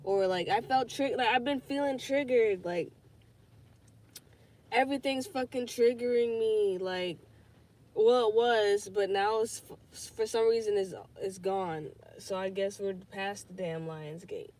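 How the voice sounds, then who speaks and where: A young woman talks loosely on her own podcast stream, thinking out loud. She drifts between thoughts, swears freely and leans on "like" and "um." Her voice sits at an ordinary middle pitch. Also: measured pace. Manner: rambling, profane, thinks aloud with many fillers. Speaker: podcast host. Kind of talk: casual livestream chat.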